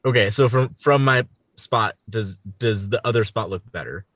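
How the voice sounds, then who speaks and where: A man with a very deep voice plays a tabletop game and talks in a laid-back, casual way. The recording is dry and close. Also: normal speed, fairly bright tone, no room sound. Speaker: player.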